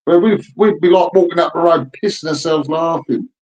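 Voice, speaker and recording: A man's voice: fairly high pitch, brisk, darkish tone, lo-fi sound. A man, telling rambling, profane stories in casual chat. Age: 50s. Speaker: birthday guest telling stories.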